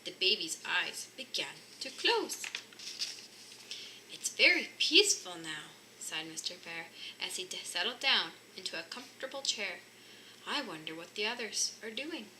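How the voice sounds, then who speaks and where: A woman's voice: medium pitch, a little slow, noisy background. A woman reading a children's picture book aloud, lifting her voice for the characters' lines. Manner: lively, lifting voices for the bear cubs' lines. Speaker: storybook reader.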